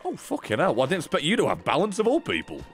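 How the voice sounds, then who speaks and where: Male streamer, wildly animated delivery, sarcastic and profane, pitched a little high, game music under him. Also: rapid-fire. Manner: sweary, sarcastic, swings between mutters and shouts. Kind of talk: comedic gameplay commentary.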